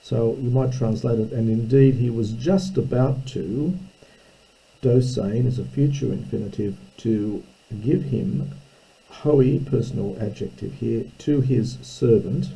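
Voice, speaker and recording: A man teaching a slow, unscripted lesson, reading a text line by line and explaining its grammar, thinking aloud with frequent ums and self-corrections. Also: medium pitch, gravelly, mellow, low-quality recording.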